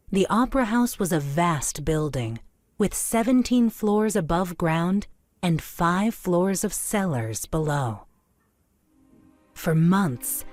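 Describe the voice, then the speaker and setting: A woman narrating a children's storybook in a clear, measured storytelling manner. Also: lowish voice, a little mellow, no room sound.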